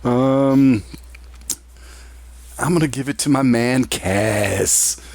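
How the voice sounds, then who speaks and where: A man's voice: medium pitch, drawn-out words, gravelly, no echo. A man, a tabletop game player, chatting and joking with his group after a session. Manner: animated, laughing, joking.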